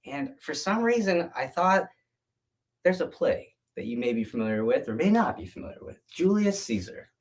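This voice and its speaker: A young man, a guest artist, telling an animated story in a casual livestream chat and laughing often. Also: fairly high pitch, normal speed.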